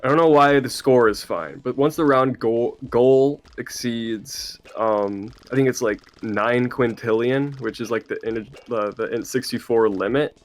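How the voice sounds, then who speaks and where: A young man talking as a guest in a loose, casual interview. His voice sits at an ordinary middle pitch, and he often hesitates with fillers and false starts. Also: a little slow, few pauses. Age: young adult. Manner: hesitant, many fillers and restarts. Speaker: indie game developer guest.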